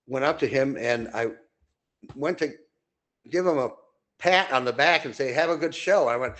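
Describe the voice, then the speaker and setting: A man's voice: moderate pace, fairly bright tone. Rambling older man telling stories. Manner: rambling anecdotes with many fillers and restarts; acts out quoted people with sudden high voices. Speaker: podcast co-host. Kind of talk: casual storytelling chat.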